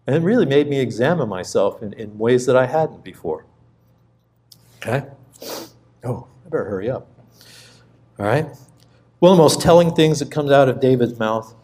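A middle-aged man preaching, a pastor telling a personal story in a conversational, halting way with frequent restarts. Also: mid-range voice, a little mellow.

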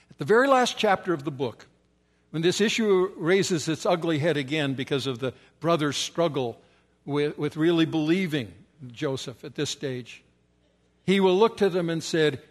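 Emphatic male preacher. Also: normal speed. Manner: emphatic repetition, often dropping to soft, low tones. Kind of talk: sermon.

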